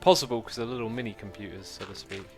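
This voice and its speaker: A man's voice: on the low side, steady tone, fast, soft background music. A man from England co-hosting a livestream, laid-back and joking in casual chat. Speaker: co-host of a game livestream.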